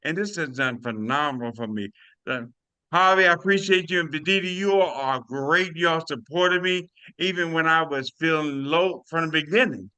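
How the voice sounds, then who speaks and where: Older man, animated testimonial, bright tone, dry close sound. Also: fairly high pitch, moderate pace, clear, resonant tone, dry recording. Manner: animated, preachy, addresses listeners as y'all. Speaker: testimonial speaker. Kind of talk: excited personal testimony on a video call.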